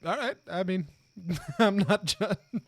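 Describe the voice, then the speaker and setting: A man's voice: high voice, expressive, takes it slowly. A man hosting a live stream, chatting casually and laughing often as he plays a role-playing game and teases what happens on screen. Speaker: livestream game host. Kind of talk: casual let's-play commentary.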